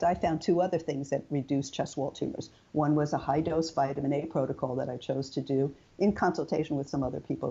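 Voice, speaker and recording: An older woman, a guest in an interview, telling her personal story in a chatty, animated way and acting out quoted dialogue. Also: low voice, slightly rough, dull audio.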